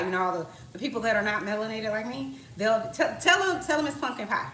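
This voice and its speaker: Speaking fast with few pauses, this woman has a mid-range, slightly bright voice over some light background noise. She's in her thirties, hosting a casual, slangy home cooking live stream full of asides and rhetorical questions. The sound comes from a tablet leaning on the counter in a home kitchen, which echoes with the clatter of pots, utensils and stirring.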